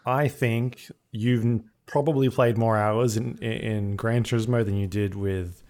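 Male podcast co-host, lower voice, relaxed dry delivery. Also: unhurried. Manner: laid-back, dry, understated. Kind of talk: casual podcast banter.

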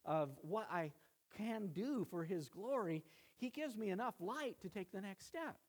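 A man's voice: high voice, lively intonation, unhurried. A man preaching a sermon in a conversational way, often checking in with his listeners. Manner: conversational preaching, frequent "right?" check-ins. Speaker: pastor.

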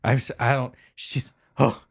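Frantic young intern, breathless and rambling, high yelping voice, gravelly edge, a man putting it on. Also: flat delivery, unhurried. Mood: panicked. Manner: panicky, rambling, loud.

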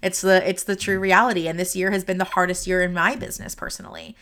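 A woman's voice: lowish voice, fast talker, smooth. A woman hosting a solo podcast as a career coach, talking unscripted, earnest and rambling, speaking straight to her listeners into a desk microphone. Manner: earnest, rambling, heartfelt, addresses listeners directly; animated, gestures while talking.

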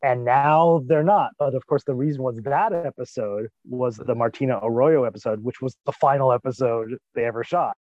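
A man's voice: mid-range voice, moderate pace, hardly any pauses, a little mellow, dry recording, dull audio. A man co-hosting a podcast, musing chattily about a TV episode. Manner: chatty, musing, with frequent restarts. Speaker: podcast co-host. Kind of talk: casual chat, TV episode discussion.

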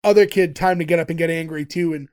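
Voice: medium pitch, fast, clear, resonant tone. Podcast cohost, retells the episode and acts out every quote, lots of laughing asides. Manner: animated retelling, acting out quotes. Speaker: podcast co-host. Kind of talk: casual chat recapping an episode.

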